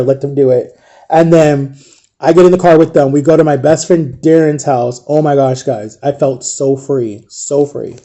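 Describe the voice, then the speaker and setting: A vlogger in his thirties from Ohio, USA, tells a story from his own life in a casual, rambling way. His voice is slightly high and mellow, dropping almost to a hush when the memories turn heavy.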